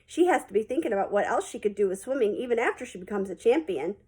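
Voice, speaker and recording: A woman's voice: mid-range voice, expressive, fast talker, warm tone, slightly rough, low-quality recording. A woman reading a children's novel aloud, narrating in a plain, folksy first-person way. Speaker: audiobook reader.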